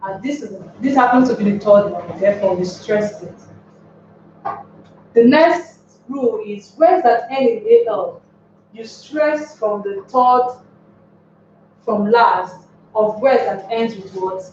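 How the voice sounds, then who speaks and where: A woman's voice: a little high, takes it slowly, long pauses, a little mellow, slight background noise. A woman teaching English word stress in a lecture, spelling words out letter by letter and asking the class rhetorical questions. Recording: distant, echoey, dull lo-fi room sound.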